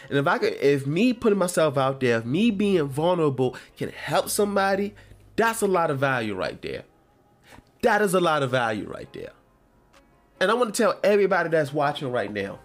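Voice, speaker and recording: A man hosting his own show, talking in a casual, rambling and heartfelt way from home. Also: on the high side. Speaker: podcast host. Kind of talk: casual solo talk.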